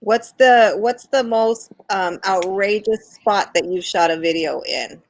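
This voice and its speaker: A podcast host asking questions in casual chat, upbeat and quick to affirm. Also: medium pitch.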